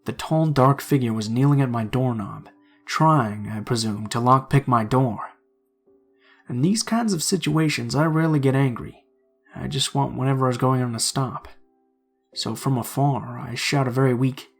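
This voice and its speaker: A man reading true horror stories aloud in a hushed, suspenseful narrating voice. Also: mid-range voice, normal speed, gravelly, soft background music.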